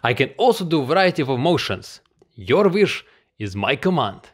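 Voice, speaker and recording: A man doing a showy Russian-accented voiceover demo as a playful sales pitch, spoken into a phone microphone. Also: big pitch swings, normal speed, husky. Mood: hammy. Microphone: phone microphone with a sock over it.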